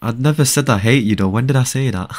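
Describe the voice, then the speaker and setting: A man's voice: mid-range voice, fast. Young guy on a live game stream, chatty, joking with chat. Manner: casual, bantering, reads viewer chat aloud.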